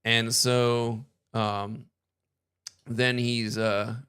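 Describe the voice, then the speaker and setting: A man's voice: medium pitch, flat delivery, drawn-out words, a bit bright, smooth. A young man casually telling a story to camera, rambling and hesitant, often chuckling between phrases.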